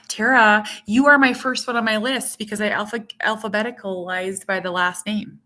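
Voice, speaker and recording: A middle-aged woman chatting on a live stream in a casual, rambling way, answering viewer comments. Her voice sits at an ordinary middle pitch for a woman, relaxed and conversational. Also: normal speed. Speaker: vlogger hosting a live stream.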